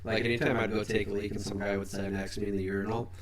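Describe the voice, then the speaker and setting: A man's voice: lowish voice, little pitch movement, racing. A young man co-hosting a podcast, rambling crude stories and laughing at his own jokes. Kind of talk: casual chat. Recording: crowd noise behind. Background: crowd chatter.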